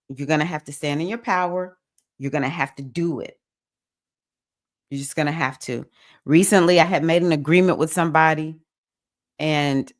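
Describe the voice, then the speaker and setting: A woman hosting a spiritual astrology circle, talking casually and animatedly to her listeners with exclamations and storytelling asides. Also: low-pitched. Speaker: spiritual host leading an astrology and oracle circle. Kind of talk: casual livestream talk.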